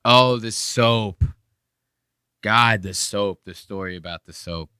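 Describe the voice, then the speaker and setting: Bright-voiced joking podcast host man. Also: lowish voice, takes it slowly, clean tone, dry recording, clean studio sound. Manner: joking, profane, rambling. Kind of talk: casual podcast commentary.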